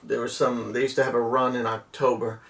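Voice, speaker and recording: A man's voice: mid-range voice, flat delivery, a little fast, gravelly, a bit bright, far from the mic. A middle-aged man from New Jersey casually telling a rambling story with many restarts and laughs. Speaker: podcast co-host.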